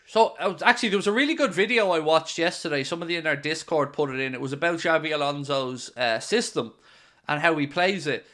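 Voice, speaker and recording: Bright-voiced Irish man bantering. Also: fairly high pitch, fast. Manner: playful, teasing banter. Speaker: host of a football watchalong livestream. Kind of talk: casual livestream chat reading viewer comments.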